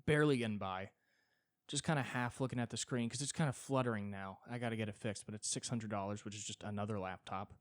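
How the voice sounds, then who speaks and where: A man's voice: lowish voice, quick pace, no echo, studio quality. A man doing a stand-up style solo podcast monologue, rambling and exasperated, with swearing riffs. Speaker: stand-up comedian and podcast host.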